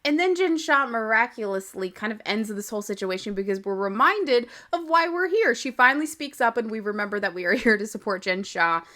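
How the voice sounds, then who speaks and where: A woman's voice: on the high side, animated, fairly quick, hardly any pauses, bright, forceful tone. Chatty young woman hosting a podcast. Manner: chatty, opinionated, laughs often. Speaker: podcast host. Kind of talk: casual reality-TV recap. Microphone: podcast microphone.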